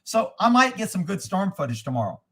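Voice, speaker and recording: A man's voice: high-pitched, sing-song, brisk, fairly bright tone, breathy edge. A man hosting a casual commentary stream, reading viewer comments and answering them in a blunt, profane, opinionated way.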